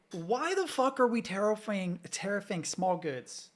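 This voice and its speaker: A Southern US man with a high-sitting voice and lively intonation talks a little slowly, with few pauses. He's live-streaming, reacting to clips in a casual, swear-heavy rant.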